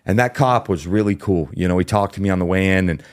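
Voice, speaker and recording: A man's voice: sits low, quick pace, dry recording, clean studio sound. A man as a podcast guest, telling his story candidly and casually, with plenty of fillers and the odd swear word.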